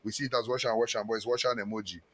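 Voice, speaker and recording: A man hosts a live-stream chat show, reading viewer comments aloud and greeting people in a chatty, repetitive way. He talks very fast in a mid-range voice with fairly even intonation and a fairly bright tone.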